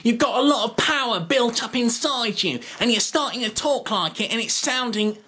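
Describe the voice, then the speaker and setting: A man putting on the voice of a nasal, slightly camp, innocent young man with a lot of passion behind his words. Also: moderate pace. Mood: earnest. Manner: high, punchy, excitable delivery.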